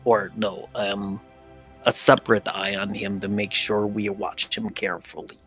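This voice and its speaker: A man's voice: lowish voice, flat delivery, measured pace, a bit bright, soft background music. A man playing a character in a tabletop role-playing game, talking casually and earnestly. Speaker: player.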